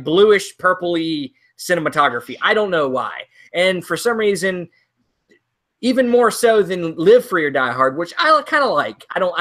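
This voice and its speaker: A man's voice: a little high, sharp tone. A man co-hosting a casual movie talk show, rambling and ranting with lots of ums and restarts. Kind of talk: casual chat.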